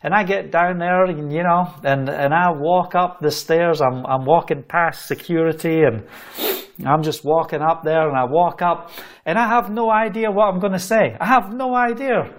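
A Scottish man from Scotland, a travelling preacher, telling a testimony with animated storytelling, laughing between phrases. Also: a little high, moderate pace.

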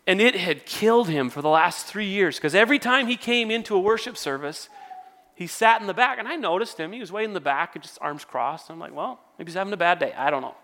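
A man's voice: high voice, animated, brisk, sharp tone. A male worship pastor preaching to a church congregation in a conversational, storytelling way with self-deprecating humor. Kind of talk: sermon.

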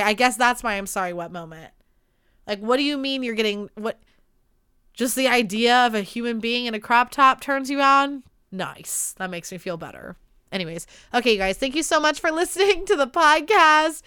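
A woman's voice: sits high, bright, forceful tone, clear, resonant tone, no room sound, clean studio sound. A woman in her late twenties hosting a casual solo podcast, candid and rambling and swearing freely, her throat irritated by allergies. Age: late 20s. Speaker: podcast host.

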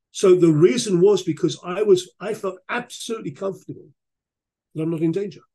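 Husky middle-aged man telling stories. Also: on the high side. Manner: animated storyteller, repeats words for emphasis. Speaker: guest expert. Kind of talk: podcast interview conversation.

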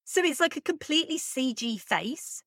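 A woman's voice: sits high, animated, normal speed, a bit bright, no room sound, clean studio sound. A woman co-hosting a podcast, chatting casually and thinking aloud with plenty of fillers. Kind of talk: casual chat.

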